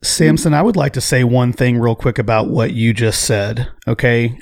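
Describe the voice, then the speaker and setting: A male podcast host speaks to his guest in a direct, earnest way. His voice sits at a middle pitch and sounds close and dry, with no room echo. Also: normal speed, darkish tone. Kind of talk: casual podcast talk.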